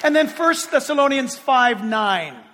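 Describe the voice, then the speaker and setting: A man preaching a fervent sermon as pastor, with sudden shouts and slow drawn-out phrases. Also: extremely high pitch, very animated, some chatter behind. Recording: long hall reverb.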